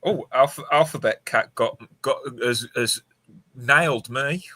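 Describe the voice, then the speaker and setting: Stammering man on a casual podcast, bright voice, dry close recording. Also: mid-range voice, no echo. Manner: halting, many restarts and stammers.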